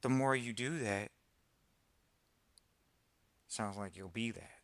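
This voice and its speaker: Man, podcast host, bright crisp voice, dry close mic, animated casual talk. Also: on the low side, slow pace, dry recording. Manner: animated, mocking put-on quotes, repeats phrases for emphasis. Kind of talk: casual live-stream talk.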